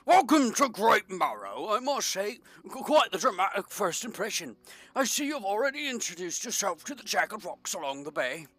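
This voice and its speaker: A man's voice: sits high, big pitch swings, moderate pace, fairly bright tone, pitched above the performer's own voice, exaggerated voice. A man reading game dialogue aloud as a short, officious harbor-town mayor, in a theatrical put-on British accent.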